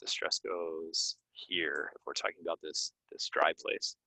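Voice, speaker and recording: A man teaching English pronunciation, reading example sentences and then repeating key words slowly with clear stress. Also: a bass voice, fairly even intonation, sharp tone, dry recording. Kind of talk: pronunciation lesson. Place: Orlando, Florida.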